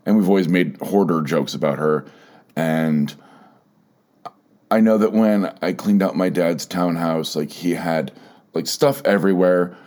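A man with a very low voice hosts a solo podcast, speaking haltingly and often starting over or repeating himself. He sounds emotional and close to tears as he thinks aloud. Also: darkish tone. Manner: halting, repeats words, fillers, openly emotional. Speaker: podcast host.

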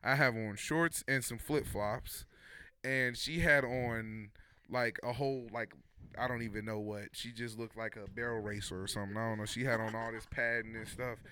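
A young man telling a story in casual chat, animated and laughing, acting out what people said. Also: medium pitch, normal speed, slight background noise.

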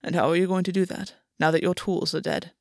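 A woman reading a proud, weary male fae lord in a formal, measured, stoic way. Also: fairly low pitch, fairly even intonation, no echo, studio quality. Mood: cold, defensive.

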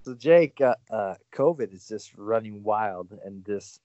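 Dry-sounding, halting podcast host man. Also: lowish voice, animated, mellow, no echo, dull audio. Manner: halting, many fillers and restarts. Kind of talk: casual sports chat.

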